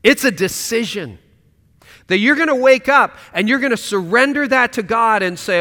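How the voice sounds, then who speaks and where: A man preaching a sermon as pastor, impassioned, swinging from loud declarations to hushed, quiet lines. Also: high-pitched, expressive, moderate pace, big-room sound.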